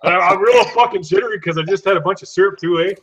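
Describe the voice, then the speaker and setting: A man's voice: high-pitched, quick pace, dull audio, a crowd in the background, lightly acted. A man hamming up a rowdy Canadian guy. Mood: joking. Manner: teasing, laughing, heavy on eh. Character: rowdy jokey Canadian man, says eh a lot.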